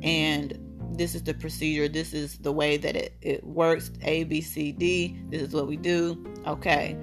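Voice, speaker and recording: A woman's voice: low-pitched, level tone, a little slow. A woman in her thirties hosting a podcast, telling a personal story in a candid, emphatic way and repeating her phrases for weight. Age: 30s. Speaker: podcast host. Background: guitar music.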